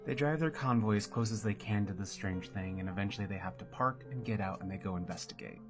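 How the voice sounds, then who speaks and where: A man's voice: on the low side, quick pace, music in the background. A man casually telling a horror story, chatty with slang asides and dramatic build-up.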